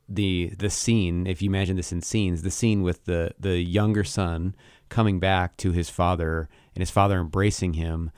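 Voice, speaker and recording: A man co-hosting a podcast, talking through a Bible passage in a thoughtful, halting way with frequent restarts. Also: low voice, a little mellow, clean tone, no room sound, studio quality. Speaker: podcast co-host. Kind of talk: casual Bible discussion.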